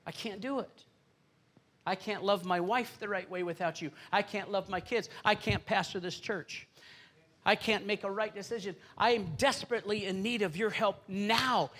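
A man's voice: sits high, moderate pace, sharp tone. A middle-aged man preaching as a pastor in a church, moving from conversational teaching into earnest, fervent prayer. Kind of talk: sermon and congregational prayer. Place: church sanctuary.

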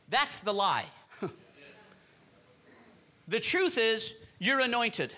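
A man's voice: extremely high pitch, very animated, slow pace, long pauses, sharp tone. A man preaching a sermon as pastor in a church, emphatic and calling out to the congregation for responses.

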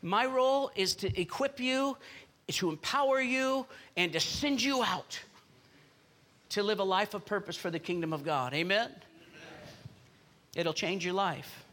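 A man's voice: high-pitched, measured pace, sharp tone. A man preaching a sermon as pastor in a church, emphatic and calling out to the congregation for responses.

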